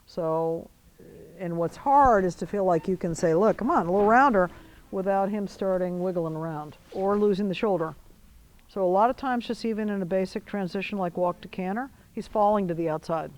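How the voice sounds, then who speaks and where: Lady riding coach in an arena, quick commands and encouragement, medium voice. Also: mid-range voice, a little mellow, poor audio. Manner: brisk commands mixed with encouragement. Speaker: riding instructor. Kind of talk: coaching a rider.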